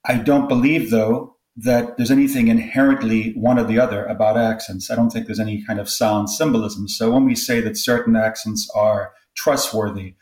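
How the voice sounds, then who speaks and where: A man's voice: fairly low pitch, fairly even intonation, normal speed, hardly any pauses, a little mellow. A man, a guest sociolinguist, giving thoughtful, expansive interview answers. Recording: roomy echo.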